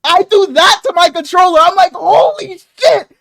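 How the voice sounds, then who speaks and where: A man co-hosting a sports podcast, telling an excitable story full of swearing and quick restarts. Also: very high voice. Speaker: podcast co-host. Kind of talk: casual sports podcast chat.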